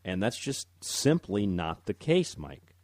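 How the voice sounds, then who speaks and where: Deep-voiced rambling radio host. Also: male voice, very animated, takes it slowly, a little mellow, no room sound, clean studio sound. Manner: rambling, stumbles over words, reads articles aloud. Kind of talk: talk radio commentary.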